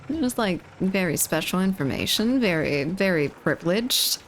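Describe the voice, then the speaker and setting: A woman's voice: lowish voice, animated, moderate pace, hardly any pauses, slight background noise. A woman live-streaming a shooter game, chatting playfully with her chat, reading messages aloud and teasing viewers. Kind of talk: casual live-stream chat while gaming.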